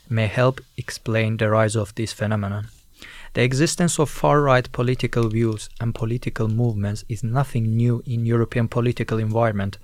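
A man's voice: mid-range voice, no echo. Earnest man reading a prepared overview. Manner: earnest, with stumbles and restarts over the text. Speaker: co-host.

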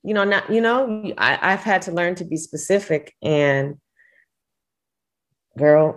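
A young woman as a guest in a casual chat, talking in a relaxed, agreeable way. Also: on the low side. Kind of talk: casual conversation.

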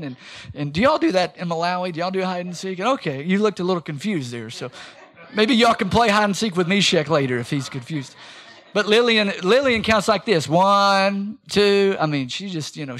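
Male pastor, 30s, emphatic sermon delivery with folksy asides, a high voice. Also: sharp tone. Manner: emphatic, repeats key phrases, folksy asides. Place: church sanctuary.

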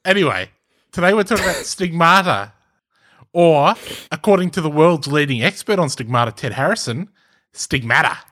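A man's voice: on the high side, very animated, fairly quick, fairly bright tone. Wry Australian man. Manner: wry, joking. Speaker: podcast co-host. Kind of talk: casual chat.

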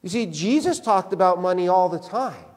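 This male pastor has a high-pitched voice with lively intonation and speaks at normal speed, his sermon echoing through the large sanctuary. His tone is conversational, and he repeatedly adds "right?" to stress his points.

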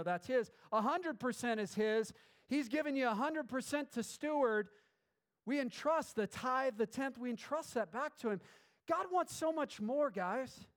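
A man preaching a sermon as a pastor, conversational with filler words and restarts, rising to bursts of fervent emphasis. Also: extremely high pitch. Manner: filler-heavy, restarts phrases.

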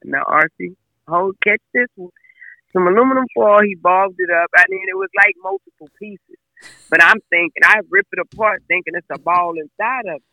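Brisk and sing-song, her mid-range voice has a creaky quality, and the recording lacks highs but has no echo. She's a football player's mother, a guest in an interview, talking casually about her son. Her manner is chatty and emphatic, and she repeats phrases.

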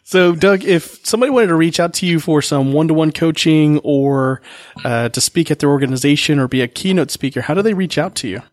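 A man's voice: a little high, a little fast, dry recording, clean studio sound. A man co-hosting a podcast interview who asks the guest questions in a friendly, direct way. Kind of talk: casual interview chat.

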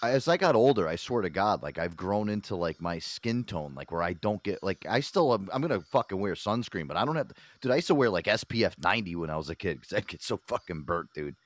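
Low-voiced man, dry-sounding casual chat. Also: fast, few pauses, no room sound. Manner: laughing, swearing, relaxed. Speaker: podcast host.

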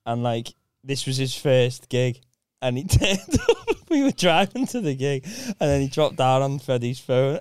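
A man's voice: mid-range voice, very animated, normal speed, few pauses, darkish tone, smooth, dry recording, clean studio sound. A comedian telling a story about a bad gig in casual chat, slangy and laughing as he goes. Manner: laughs through his stories, slangy. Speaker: stand-up comedian.

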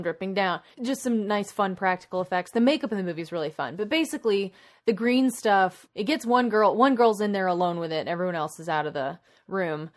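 Casual co-host, female, mid-pitched, loose and chatty, stacks tangents as she recaps a film. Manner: rambling, animated plot retelling with many asides. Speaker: podcast co-host. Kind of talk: casual chat.

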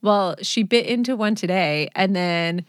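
A woman's voice: mid-range voice, measured pace, dry recording, clean studio sound. A woman in her forties, a mother co-hosting a podcast from home, telling stories bluntly and laughing often. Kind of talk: casual chat.

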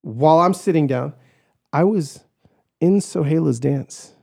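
A man tells a personal story as a podcast guest, animated and expressive, slipping into the voices of the people in it. His voice sits a little high but sounds mellow and warm. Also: measured pace, gravelly. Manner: animated, acts out quoted voices, shouts in retelling.

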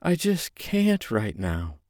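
Male reader doing a reluctant young woman, pained and guarded, pitched up. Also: wildly swooping pitch, slow pace, a little mellow, no room sound, clean studio sound, exaggerated voice. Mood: apologetic.

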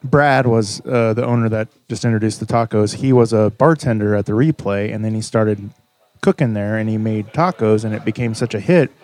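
A man's voice: fairly low pitch, brisk, a little mellow, no echo. A man casually interviewing a friend over a meal, asking curious questions. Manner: curious, asks many questions.

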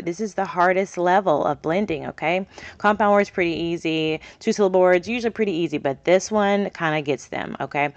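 A woman's voice: fairly low pitch, dry recording. A woman hosting a podcast, explaining reading skills to parents in a chatty, upbeat way and often checking in with "okay?". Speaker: podcast host teaching parents early reading. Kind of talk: casual teaching talk to parents. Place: small home studio in a closet.

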